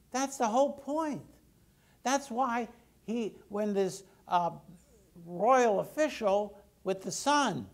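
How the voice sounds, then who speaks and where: Preacher: man with a fairly high, gravelly voice, chatty sermon style, asks the room questions. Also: animated, slow. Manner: conversational, asks the congregation questions. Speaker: pastor.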